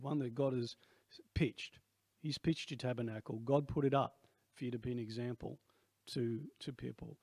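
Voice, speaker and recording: A man's voice: medium pitch, gravelly, a little mellow, no room sound. A man in his sixties with an Australian accent, preaching a sermon in a rambling, conversational way with many asides. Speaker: pastor.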